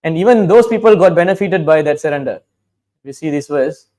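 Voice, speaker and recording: A man's voice: on the high side, lively intonation, a little fast, dark tone. A man giving a conversational, storytelling sermon, quoting dialogue and chanting verses, often saying "you know". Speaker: preacher.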